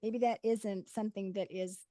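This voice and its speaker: A woman's voice: mid-range voice, fairly even intonation, normal speed, mellow, dry recording. Affirming woman host, dry sound. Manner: affirming, laughs along. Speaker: podcast host. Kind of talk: casual interview chat.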